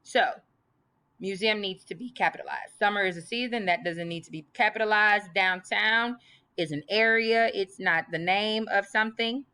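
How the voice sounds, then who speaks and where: A woman's voice: medium pitch, normal speed, pushed and bright, smooth. A woman teaching a grammar lesson, emphatic and reading example sentences aloud. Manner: emphatic, repeats list items aloud.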